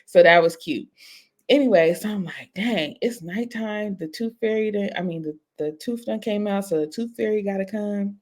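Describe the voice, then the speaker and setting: A woman, co-hosting a podcast in a lively, laugh-filled storytelling way. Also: medium pitch, moderate pace. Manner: animated storytelling, laughs often. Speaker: podcast co-host. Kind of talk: casual chat.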